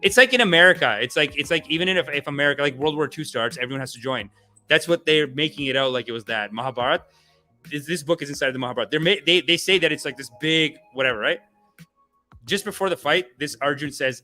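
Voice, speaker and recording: A man's voice: fairly high pitch, fast, faint music behind. A man hosting a comedy talk stream, ranting casually, swearing, and slipping into voices. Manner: animated, swears, acts out voices. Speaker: comedian host.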